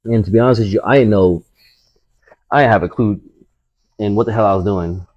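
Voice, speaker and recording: A man's voice: fairly low pitch, fairly quick, no echo, lo-fi sound. A man, a tattoo artist guest, telling a casual story full of swearing and acting out the voices of people he quotes. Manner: profane, acts out quoted voices.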